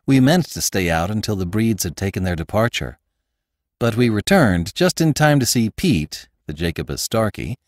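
A man with a fairly low voice narrates a classic story, and his pitch moves freely through the lines. The studio recording is dry and close. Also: dry recording. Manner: expressive storytelling. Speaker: audiobook narrator and podcast host. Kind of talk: scripted narration.

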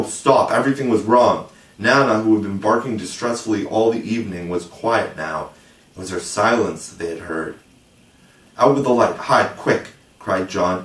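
Audiobook reader: man, measured and gentle, lowish voice, echoey room, mic kept at a distance. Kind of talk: storybook narration.

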